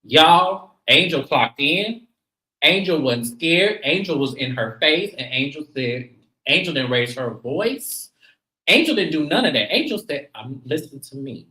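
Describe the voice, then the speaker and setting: Brief: lively recap co-host, bright voice, roomy room sound. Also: medium pitch, measured pace. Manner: animated storyteller who acts out the quotes. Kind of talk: casual TV recap chat.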